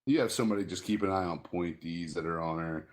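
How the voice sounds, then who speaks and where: A man hosting a gaming podcast with a somewhat low voice. He tells stories in an animated, profane way and laughs often. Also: fast. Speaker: podcast host. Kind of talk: casual gaming chat.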